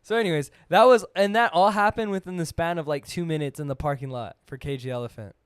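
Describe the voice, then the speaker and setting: High-voiced young guy on a podcast, animated storytelling, lots of "like". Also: fast, clean tone. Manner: animated, full of "like", acts out voices in his stories. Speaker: podcast host. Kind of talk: casual storytelling chat.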